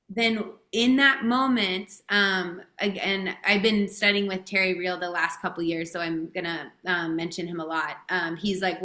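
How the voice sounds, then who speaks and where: A woman's voice: lowish voice, bright, forceful tone, echoey room. A woman speaking as a guest coach in a podcast interview, talking casually and emphatically and swearing freely.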